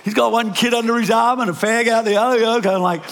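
A man's voice: very high-pitched, steady tone, fast, fairly bright tone. An older man with a New Zealand accent preaching a sermon, telling stories with lots of restarts and self-deprecating asides. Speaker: pastor. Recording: preached in a large reverberant hall.

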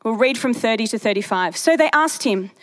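A young woman preaching a sermon in a chatty storytelling way with animated asides. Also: on the high side, a little fast.

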